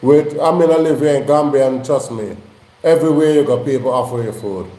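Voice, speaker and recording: A man's voice: mid-range voice, fairly quick, dark tone. A man talking casually and encouragingly, often checking that his listener understands. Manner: encouraging, repeats "you understand?". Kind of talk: casual chat. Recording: echoey room.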